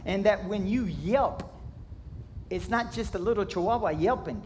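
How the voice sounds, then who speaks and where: A man's voice: extremely high pitch, a bit bright. A man from Kentucky, preaching a sermon in a folksy, jokey storytelling way, acting out sound effects. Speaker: pastor.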